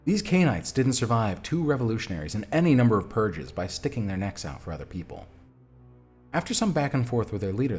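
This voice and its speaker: Lively male streamer reading a game. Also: fairly low pitch, fairly quick, soft background music. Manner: lively, chatty, self-mocking. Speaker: streamer playing a text adventure. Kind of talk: reading a game aloud with casual asides.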